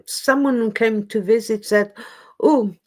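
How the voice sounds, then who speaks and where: A woman chats on her live stream in an unhurried, rambling way. She is easygoing and self-deprecating, at a middle pitch, and she drifts from one thought to the next. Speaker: livestream host. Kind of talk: casual live stream chat. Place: lives in Scotland.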